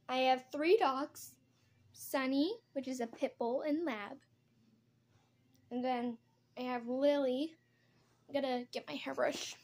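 A young woman vlogger chats casually while doing her makeup at home, rambling from topic to topic in a get-ready-with-me video. Her voice sits high with a darkish tone.

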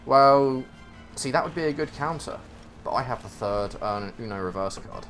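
A man's voice: medium pitch, expressive, moderate pace, fairly bright tone, soft background music. Dry, teasing man in gaming banter. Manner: dry teasing, stubborn mock arguing. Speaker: co-op game player.

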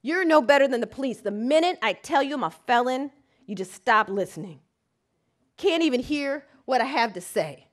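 A woman voicing a desperate, indignant young man with a felony record, pleading loudly. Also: sits high, animated, normal speed. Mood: angry, desperate.

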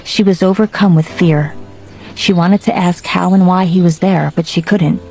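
A woman narrating a story aloud in a steady, even way, with faint music behind her. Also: on the low side, moderate pace, vocal fry. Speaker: audiobook narrator. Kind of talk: scripted narration.

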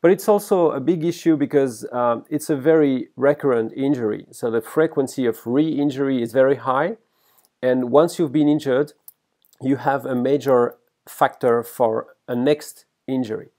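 French-accented male professor, mellow voice. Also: mid-range voice. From France. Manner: halting, many fillers and restarts. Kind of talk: recorded workshop lecture.

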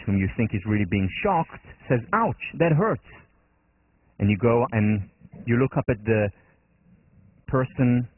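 A man's voice: medium pitch, dry recording. Male lecturer, Israeli accent, earnest explainer, thin dry lo-fi recording. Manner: earnest, explanatory, acts out quotes in the story. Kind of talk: university lecture. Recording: dry, phone-like narrow band.

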